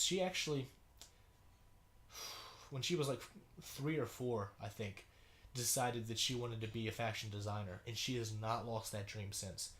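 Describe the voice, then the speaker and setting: A young man with a runny nose talking casually and haltingly, full of fillers and restarts as he reads through his little sister's schoolwork. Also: on the low side. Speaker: video blogger. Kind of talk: casual commentary reading a sibling's schoolwork.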